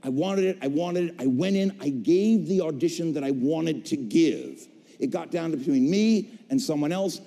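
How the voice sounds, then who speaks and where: A middle-aged man telling his career story on a convention stage, an animated storyteller who acts out voices and jokes. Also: on the high side, normal speed. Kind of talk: stage talk to a convention audience. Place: large convention hall stage. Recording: long hall reverb.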